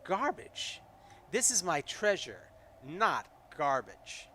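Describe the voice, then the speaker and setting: A man voicing a moody, half-mad little old male kobold in a solo tabletop game, talking in a shrill, fussy, indignant way. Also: big pitch swings, takes it slowly, sharp tone, slight background noise, heavily acted.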